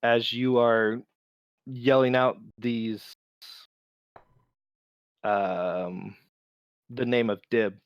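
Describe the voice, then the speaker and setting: A man narrating as game master of a tabletop game, relaxed and unhurried, with many fillers. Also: medium pitch, smooth, no room sound, lo-fi sound.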